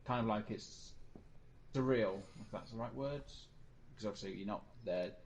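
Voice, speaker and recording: A man's voice: on the low side, moderate pace, vocal fry, a little mellow, a little hiss or hum, poor audio. A man streaming a game, rambling through a personal story in casual chat and mimicking other people's lines. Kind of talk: casual chat while gaming.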